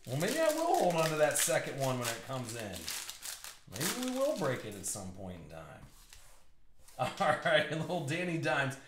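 An upbeat man hosts a live trading card break, bantering with viewers and riffing on each pull. His voice sits a little high and swings animatedly up and down. He is recorded in an echoey room with a faint hiss behind him. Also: wildly swooping pitch, moderate pace. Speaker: box break host.

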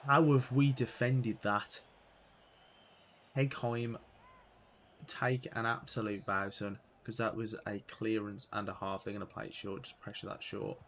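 Excitable man commentating his own gameplay. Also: lowish voice, moderate pace, vocal fry, slight background noise. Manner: excitable, swings from muttering to loud outbursts. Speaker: gaming YouTuber playing career mode.

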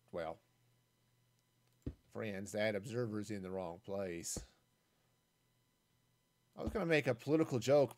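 A man streams a game on his own, his gravelly, lowish voice offering casual commentary as he builds. He thinks aloud, wanders off on asides, and makes self-mocking jokes.

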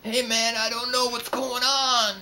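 A woman's voice: on the high side, little pitch movement, measured pace, sharp tone, slight background noise, pitched above the performer's own voice. A woman putting on a silly voice, playing a bewildered goofy character who complains and rambles. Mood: flustered.

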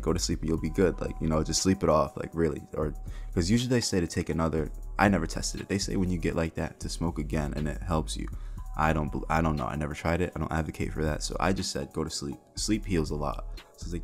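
A young man with a very low voice tells a casual storytime, rambling and full of slang. He acts out both sides of the dialogue in his own voice. Faint music plays behind him. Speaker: storyteller vlogger.

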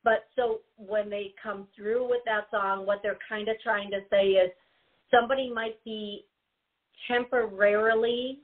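A woman with a mid-range, steady voice and a slightly slow pace hosts a call-in radio show as a psychic. She's chatty and prone to giggling, repeating her warnings to the caller over and over. The audio sounds tinny, like a phone line.

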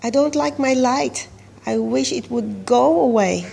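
A woman's voice: on the high side, measured pace, creaky, warm tone, a little hiss or hum, voice pushed up. A woman reading aloud a storybook, voicing a shy, sulky young female glowing bug. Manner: reluctant, sulky.

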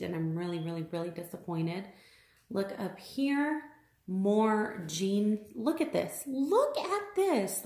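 A woman's voice: medium pitch, darkish tone. Upset woman vlogging in an echoey room. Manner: upset, exasperated, repeats herself, many fillers. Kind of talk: unboxing vlog complaint.

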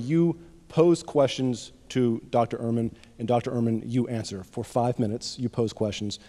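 Male moderator, mid pitch, easygoing announcer, reverberant hall. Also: dark tone. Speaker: debate moderator. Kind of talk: moderating a live debate. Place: university lecture hall.

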